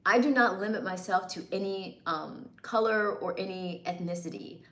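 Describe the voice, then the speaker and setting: Speaking at a normal pace in a medium-pitched voice with noticeable reverb, a northeastern American woman runs a casual livestream. She reads comments aloud, teases her viewers in fun, and laughs frequently.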